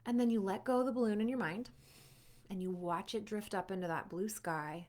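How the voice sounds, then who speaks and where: A woman's voice: mid-range voice, fairly quick. Upbeat woman coaching athletes. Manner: upbeat and conversational, speaking directly to the viewer; quotes an athlete's inner voice with lively put-on emotion. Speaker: sport psychology performance coach. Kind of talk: motivational coaching talk to camera.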